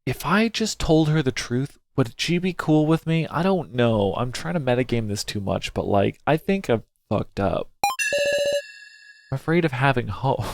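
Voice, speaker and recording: Man streaming a story game, gravelly voice, slow, anxious, self-deprecating, game music behind. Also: medium pitch, lively intonation, slight background noise. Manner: anxious, self-deprecating, swearing, reads lines half in character. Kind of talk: let's play commentary, reading dialogue aloud.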